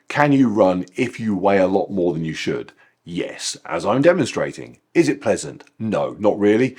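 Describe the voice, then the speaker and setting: A man narrating his vlog in a dry, scripted voice-over. His voice sits low and a little husky, and his delivery stays wry. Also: a little mellow. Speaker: running vlogger.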